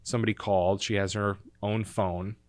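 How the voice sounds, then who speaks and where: A man's voice: lowish voice, level tone, moderate pace, no echo. A young man as a podcast guest, telling stories in a rambling, casual way full of fillers. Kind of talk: casual chat, storytelling.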